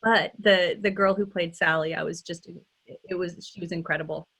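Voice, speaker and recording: A woman's voice: on the low side, fairly even intonation, moderate pace, a bit bright, breathy edge. A middle-aged woman, a dialect coach, talking casually in an interview, thinking aloud with frequent restarts and ums.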